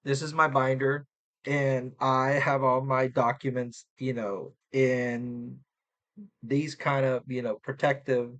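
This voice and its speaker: A middle-aged man from Texas tells a personal story straight to the camera, his voice bright and forward. He rambles, stops to correct himself and acts out both sides of the exchanges he recounts. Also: mid-range voice, level tone, takes it slowly, dull audio. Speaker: vlogger.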